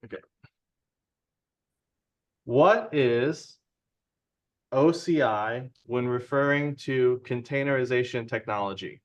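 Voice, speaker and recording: A man's voice: medium pitch, slow, long pauses, muffled recording. Chatty man presenting on a video call. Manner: relaxed and chatty, checks in with the audience. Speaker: presenter at a user group meeting. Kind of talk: casual tech talk. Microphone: video call from home.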